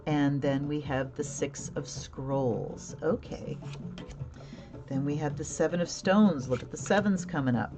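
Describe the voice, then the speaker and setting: A woman's voice: low voice, measured pace, music in the background. A woman hosting a casual live tarot reading, chatting, laughing often and answering viewer comments. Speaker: tarot reader and livestream host.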